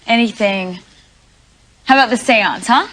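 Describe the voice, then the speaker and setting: An actress playing a young woman who speaks in a gentle, reassuring way. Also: on the high side, measured pace, low-quality recording. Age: young adult.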